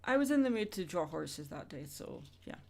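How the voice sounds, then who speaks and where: A woman's voice: fairly low pitch, very animated, moderate pace, vocal fry, darkish tone, slight background noise. A young woman chatting casually with her viewers during a drawing livestream, rambling and answering questions as she goes. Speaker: art streamer.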